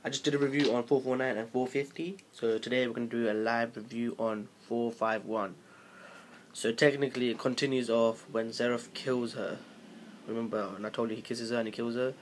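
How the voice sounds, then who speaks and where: A man's voice: mid-range voice, steady tone, fairly quick, a little hiss or hum. Profane, rambling man recapping manga. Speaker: manga chapter reviewer. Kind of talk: casual live review.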